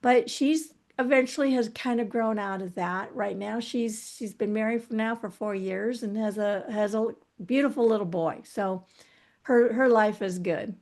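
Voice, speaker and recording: A woman's voice: on the high side, darkish tone. A middle-aged woman as an interview guest, talking candidly and reflectively about her past, often restarting her sentences. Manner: earnest, reflective, halting with restarts. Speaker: guest author.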